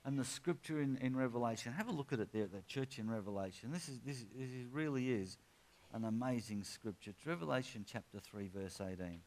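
A man preaching a sermon, telling a personal story in a chatty way and then rising into drawn-out, impassioned exhortation. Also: mid-range voice, expressive, a little mellow.

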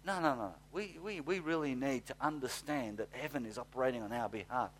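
A man preaching a sermon, swinging from hushed, slow reading to fired-up shouting, with blunt, folksy asides. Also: mid-range voice, slight background noise. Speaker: pastor.

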